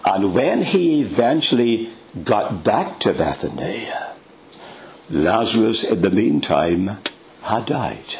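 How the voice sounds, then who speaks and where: A man preaching a sermon in a dramatic, emphatic way, with sudden rises in pitch. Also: big pitch swings, takes it slowly, darkish tone.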